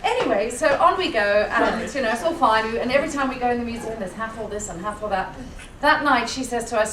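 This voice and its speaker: A woman actress on a convention panel, telling a lively anecdote, laughing often and acting out the people she quotes. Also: on the high side, fast talker, hardly any pauses. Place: large convention hall. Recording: echoey hall, far from the camera, loud noise.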